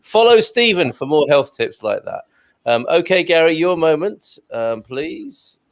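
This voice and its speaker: A man's voice: on the high side, sing-song, unhurried. A man hosting a casual online chat show, joking around and reading out viewer comments. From Britain. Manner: jokey, reads out viewer comments. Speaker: host.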